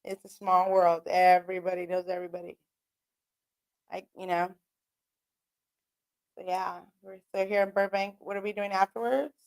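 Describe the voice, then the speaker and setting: A woman's voice: on the low side, level tone, moderate pace, creaky, long pauses, a little mellow. Rambling, foul-mouthed woman radio host. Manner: rambling, profane, laughs often. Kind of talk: casual solo chat. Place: radio studio.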